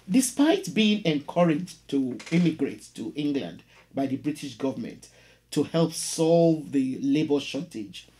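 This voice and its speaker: Slow, lively-voiced man narrating history. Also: on the high side. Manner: measured, with pauses and some stumbles. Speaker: host of an educational history channel. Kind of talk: narrated history lesson and poetry reading.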